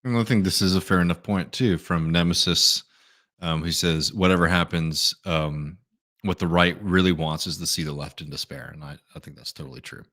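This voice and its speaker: Low-voiced man hosting a relaxed live Q&A. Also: normal speed. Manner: relaxed, thinks aloud with many fillers. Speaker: livestream host answering viewer messages. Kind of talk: casual live Q&A commentary.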